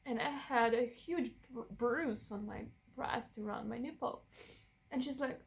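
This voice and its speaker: A woman with a fairly high voice tells her own story straight to the camera. She speaks openly and with feeling, often breaking off and restarting her sentences. Now and then she acts out what other people said to her. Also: unhurried, low-quality recording. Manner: emotional and frank, with many restarts and self-corrections. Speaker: vlogger sharing a personal story. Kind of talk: candid personal storytelling.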